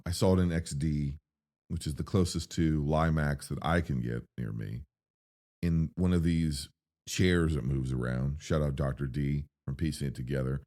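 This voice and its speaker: Low-voiced man gushing about a film. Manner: excitable and rambling, with profanity and big pitch swings when worked up. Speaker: movie reviewer host. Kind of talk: spoken film reaction.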